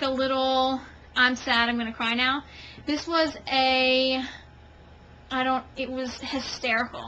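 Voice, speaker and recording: A young woman tells a long story to her camera at home, animated and self-mocking. Her voice is high and bright. The recording is dull and lo-fi, with a faint hiss behind her. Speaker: vlogger.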